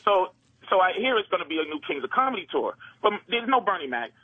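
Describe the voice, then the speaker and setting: High bright-voiced guy calling in, rambling and joking, voice jumping all over. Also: big pitch swings, fast, husky, no echo, phone-quality sound. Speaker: guest calling in. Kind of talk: casual radio banter.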